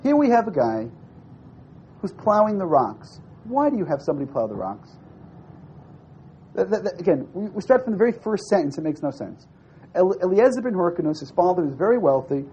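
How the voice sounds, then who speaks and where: A man's voice: a little high, a little hiss or hum. A man teaching a classroom text study, reading a source aloud, translating it line by line and firing questions at his students. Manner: questions the class, lively and probing. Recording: dull lo-fi classroom recording.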